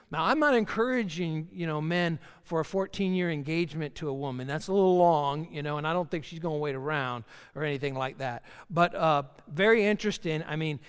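A man's voice: a little high, fairly bright tone, clean tone. A middle-aged male pastor preaching a sermon in a folksy, joking way, acting out little scenes. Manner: folksy, joking, with acted asides. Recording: reverberant hall.

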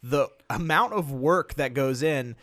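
A man co-hosting a podcast, chatting casually and excitedly about movies, swearing now and then. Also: medium pitch, a little slow, dry recording, studio quality. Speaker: podcast co-host. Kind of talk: casual chat.

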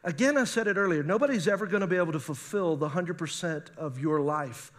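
A middle-aged male pastor preaching a sermon on marriage, animated and acting out spouses' voices. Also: on the high side, fast talker.

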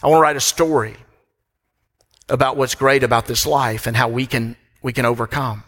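A middle-aged pastor preaches a sermon from the pulpit of a church sanctuary, emphatic and repeating phrases for weight. His mid-range voice is a bit bright, with fairly even intonation and a moderate pace. The long reverb of a church hall fills the recording.

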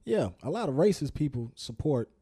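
A man's voice: a little high, sing-song, a little fast, warm tone, breathy edge. A man co-hosting a podcast in casual chat, blunt and insistent, cursing plainly as he makes his point. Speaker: co-host of a podcast.

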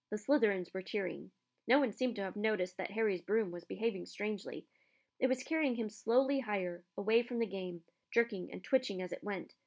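A woman with a medium-pitched voice reads a storybook aloud, pacing her narration expressively and a little fast. She keeps the tale moving along and gives every sentence some feeling.

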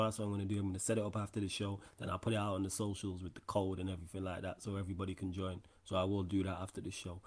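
Young guy hosting his football pod, chill and slangy, lowish voice. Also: darkish tone. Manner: laid-back, slangy, runs the show rundown. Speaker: podcast host. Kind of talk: casual football podcast chat.

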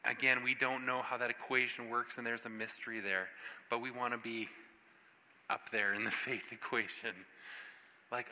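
A man preaches in an animated, conversational style. His bright, forceful voice carries through a large church hall with long reverb. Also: mid-range voice, moderate pace. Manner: animated, conversational, acts out scripture scenes. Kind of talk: sermon.

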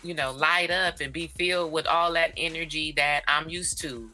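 A woman from Northern California co-hosts a podcast in an easygoing, slangy chat. Her voice is sharply forceful and bright, set against faint music. She laughs easily as she talks. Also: low voice, steady tone, moderate pace. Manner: slangy, laid-back, laughs often. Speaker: podcast co-host.

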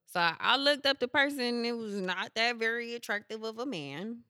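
A woman's voice: on the high side, lively intonation, moderate pace, bright, forceful tone, no echo. A woman guest on a talk show, telling candid stories about her online life with playful slang. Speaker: guest, poet and content creator. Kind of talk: casual chat.

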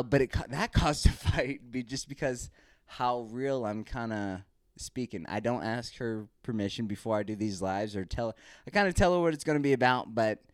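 A man's voice: medium pitch, dry recording. A man hosting his own podcast, telling a candid, rambling story about home life in a casual monologue. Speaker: podcast host. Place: Texas, recorded live.

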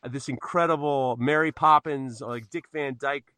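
A man talking loosely on a podcast, his voice bright and forceful. He rambles, restarts his sentences and swears freely. The sound is dry and close. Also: mid-range voice, steady tone, moderate pace, dry recording. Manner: rambling, self-interrupting, swears a lot. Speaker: podcast guest, knife maker. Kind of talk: casual podcast chat.

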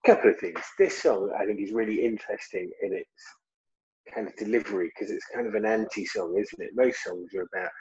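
Husky man, joking co-host. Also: on the low side, brisk, a little mellow, dull audio. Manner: joking, rambling. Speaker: podcast co-host. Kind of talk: casual chat.

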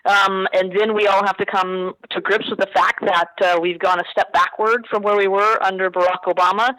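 Guest: earnest woman organizer, mid pitch, dry radio-style sound. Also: fairly even intonation, normal speed, sharp tone, no echo, poor audio. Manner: earnest, thoughtful, with frequent restarts. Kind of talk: interview answers.

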